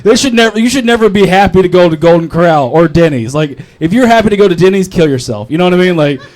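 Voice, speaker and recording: His voice sits high with a darkish tone, lively intonation, and a fast pace. He's a young North Carolina stand-up comedian at an open mic comedy club, delivering a rambling, profane, self-mocking set and often laughing at his own punchlines.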